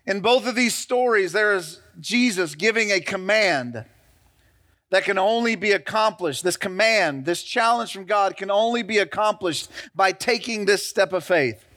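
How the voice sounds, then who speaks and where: A middle-aged male pastor with a notably high voice delivers a sermon to his congregation. He retells scripture stories and throws call-and-response questions back at the room. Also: normal speed, sharp tone.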